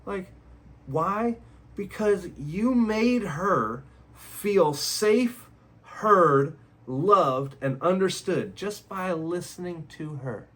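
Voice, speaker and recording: Blunt male host, casual straight-to-camera rant, slightly higher voice, keeps circling back with rhetorical questions. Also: lively intonation, drawn-out words, a bit bright. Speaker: relationship advice video host.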